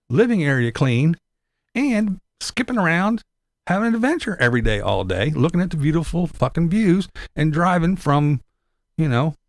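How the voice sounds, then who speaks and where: Gravelly man ranting about everyday hassles. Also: high voice, dry recording, clean studio sound. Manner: rambling and sarcastic, swears a lot. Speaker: vlogger. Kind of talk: casual profane chat.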